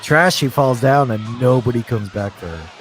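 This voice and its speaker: A man's voice: medium pitch, animated, normal speed, faint music behind. A young adult man casually chatting and rambling as he hosts a live stream, laughing often.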